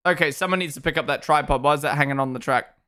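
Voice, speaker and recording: A man's voice: a little high, rapid-fire, bright, forceful tone, clean tone. A man hosting a live race watchalong, reacting aloud in casual commentary and greeting chat viewers by name. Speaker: livestream host.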